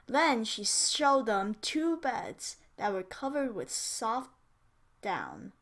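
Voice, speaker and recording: A woman teacher reading a children's story aloud slowly and clearly for English learners, with small asides. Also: on the high side, sing-song.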